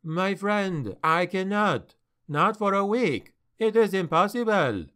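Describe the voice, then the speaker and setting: A man's voice: high voice, expressive, slow pace, bright, forceful tone, clear, resonant tone, pitched above the performer's own voice, exaggerated voice. A man playing a fussy foreign sea captain. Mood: protesting. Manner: pleading, apologetic, fussy. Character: excitable foreign male ship captain.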